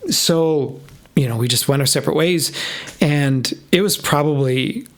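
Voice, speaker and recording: Fifties male pastor, earnest heartfelt storyteller, a touch high with gravel in the voice. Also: unhurried. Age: 50s. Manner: earnest, openly emotional, animated retelling. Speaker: guest, pastor. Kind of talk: personal storytelling interview.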